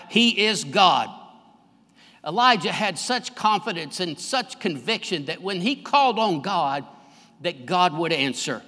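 A high-pitched man, preaching a fervent sermon to his church. His voice is bright and penetrating. It rings with the long reverb of a large sanctuary, and it climbs in force on the key lines. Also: lively intonation, measured pace. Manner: fervent preaching, swelling louder on key phrases. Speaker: pastor.

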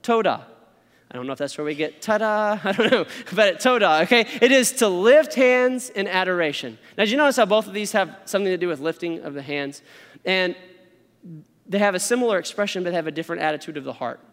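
A man preaching a sermon, explaining scripture with lively storytelling and frequent "okay?" check-ins. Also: sits high, a little fast, big-room sound. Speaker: pastor.

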